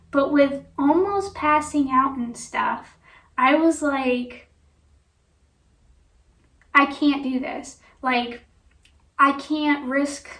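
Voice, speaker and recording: A woman vlogger tells a personal story in a rambling way, peppered with "you know" and "like." Her voice sits high, a bit bright with vocal fry, and she sounds distant in an echoey room.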